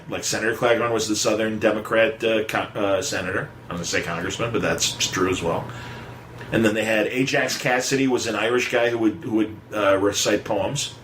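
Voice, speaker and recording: A man's voice: on the low side, fairly bright tone, slight background noise. A man hosting a podcast, telling trivia in a rambling, digressive casual chat. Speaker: podcast host. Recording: echoey room with faint music.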